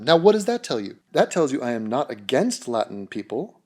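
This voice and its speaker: A man's voice: mid-range voice, sing-song, brisk. A man delivering a mocking, sarcastic vlog rant straight to camera. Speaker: YouTuber.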